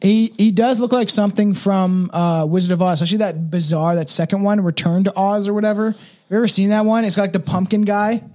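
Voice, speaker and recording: Podcast host, laughs a lot, swears, mid pitch, rambles through a spooky story. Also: steady tone, darkish tone. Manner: laughs often, profane, quick asides. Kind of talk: casual podcast chat and story reading.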